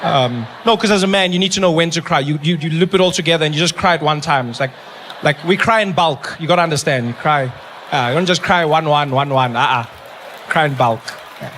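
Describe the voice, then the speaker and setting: Young male stand-up, high-voiced, animated, faint room noise. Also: fairly quick. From South Africa. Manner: animated storytelling, acts out characters in shifting voices. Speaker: stand-up comedian. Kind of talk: stand-up comedy. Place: stage before a live audience.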